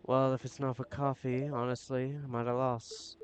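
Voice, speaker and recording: A man's voice: mid-range voice, little pitch movement, normal speed, few pauses, noisy background. A man reading game dialogue aloud in a casual manner, voicing several characters in turn. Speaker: let's play gamer reading dialogue aloud.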